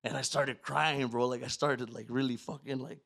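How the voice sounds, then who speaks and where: Telling a profane, casual personal story as a podcast guest, this man voices his own lines and lurches between loud bursts and near-whispers. His mid-range voice is gravelly, with fairly even intonation and a moderate pace.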